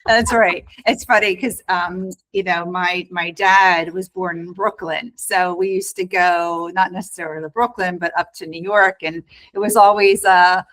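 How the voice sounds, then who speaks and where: A woman's voice: lowish voice, fairly even intonation, fairly bright tone, rough recording. Woman hosting a chill podcast on a video call, laughs a bunch, lots of uhs. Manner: chatty, laughs often, halting with fillers. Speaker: podcast host. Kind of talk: casual podcast chat.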